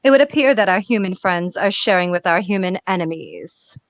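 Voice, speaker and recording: A woman's voice: fairly low pitch, animated, brisk, no room sound. A woman voicing a haughty, snooty rich hostess in a comic book read-aloud, cool, clipped and condescending, recorded on a webcam.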